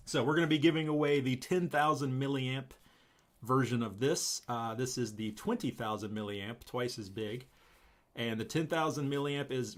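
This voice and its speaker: Chatty male live-stream host. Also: mid-range voice. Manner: relaxed, chatty, laughs often. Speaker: channel host. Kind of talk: casual live-stream chat.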